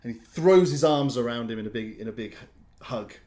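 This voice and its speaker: A man voicing a flustered, excitable male townsman who asks fretful questions. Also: fairly quick, natural voice. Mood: relieved. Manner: high-strung, fretful exclamations.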